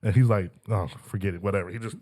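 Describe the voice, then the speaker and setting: Podcast host, low voice, mellow tone, animated slangy chat. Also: male voice, fast talker. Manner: animated, slangy, laughs often. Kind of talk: casual chat.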